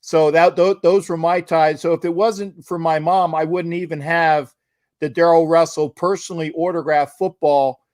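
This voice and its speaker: A man hosting a casual interview, telling a story in an animated way over a video call. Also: fairly high pitch, normal speed, no echo, clean studio sound. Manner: animated storyteller, acts out quotes excitedly. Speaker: podcast host.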